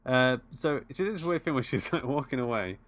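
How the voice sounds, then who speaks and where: A man's voice: medium pitch, animated, brisk, fairly bright tone. A man co-hosting a casual film chat, easygoing and a little hesitant as he recaps scenes. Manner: easygoing, hesitant, many fillers. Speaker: podcast co-host.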